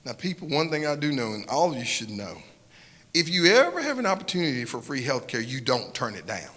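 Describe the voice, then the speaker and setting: A man with a Southern US accent telling a personal story to an audience in an earnest way, often repeating and restarting phrases, moving between hushed and loud. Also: medium pitch, very animated, fairly quick, long reverb tail. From Southern United States.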